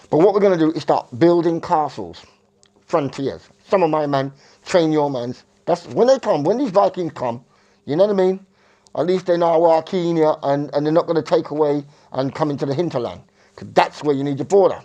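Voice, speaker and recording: Man, rambling monologue, self-correcting, somewhat high pitch. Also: lively intonation, brisk, dark tone, highs cut off. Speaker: vlogger.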